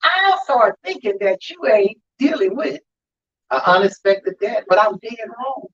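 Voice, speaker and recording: Speaking at a measured pace in a high, slightly rough voice, an undertaker gives a talk on grief, telling emphatic, animated stories like a preacher. He addresses the crowd as "y'all," and the live recording sounds dull and lo-fi.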